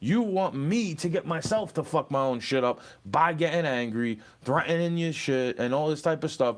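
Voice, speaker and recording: A man's voice: mid-range voice, normal speed, few pauses. A young man ranting at a commenter, profane and confrontational, repeating "bro" as he lectures and threatens. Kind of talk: angry rant at a commenter.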